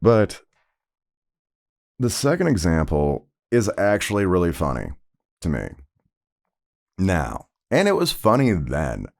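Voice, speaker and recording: A man hosts a personal storytelling podcast, talking in a loose, rambling way full of fillers. His voice sits very low with a gravelly edge. It moves up and down a lot as he tells the story. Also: wildly swooping pitch, slow pace, pauses often, darkish tone. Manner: conversational, rambling with many fillers. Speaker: podcast host.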